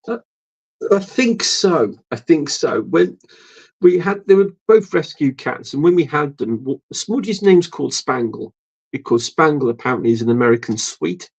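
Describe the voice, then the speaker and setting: A man hosting a casual livestream, rambling with lots of ums and soft laughs. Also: fairly high pitch, creaky, muffled recording. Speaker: livestream host. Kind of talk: casual livestream chat reading viewer comments.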